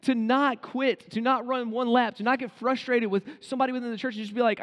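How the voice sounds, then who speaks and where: A man's voice: very high voice, steady tone, a little fast, fairly bright tone. A man preaching a conversational sermon as pastor, acting out quoted inner voices. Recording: long hall reverb.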